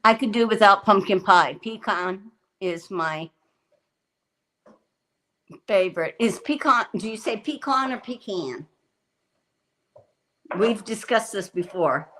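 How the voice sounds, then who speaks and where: A woman hosting a live stream talks with viewers in an unhurried, easygoing way while she cooks. Her chat rambles and she often laughs. Her pitch sits in an ordinary middle range. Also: pushed and bright, poor audio. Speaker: livestream host.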